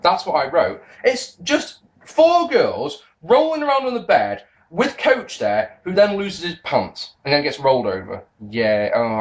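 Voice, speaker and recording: A young man giving a casual spoken review to camera, rambling, excitable and often breaking off mid-sentence. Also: on the high side. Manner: rambling, self-interrupting, excitable. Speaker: wrestling video reviewer.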